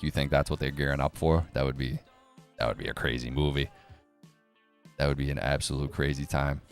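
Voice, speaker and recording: A young man hosting a crypto news live stream, rambling casually with sarcasm, swearing and quick jumps between topics. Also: rumbling low.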